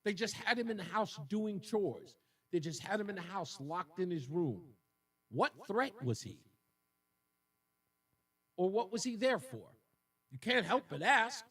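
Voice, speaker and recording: A man's voice: high voice, sing-song, unhurried, pauses often, fairly bright tone, breathy edge, recorded from a distance. A man hosting a talk radio show, delivering an indignant, emotional monologue that repeats points for emphasis.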